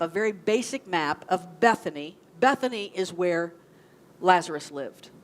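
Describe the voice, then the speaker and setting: A woman minister gives a sermon in a conversational way, often asking the congregation questions. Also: on the low side. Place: church sanctuary.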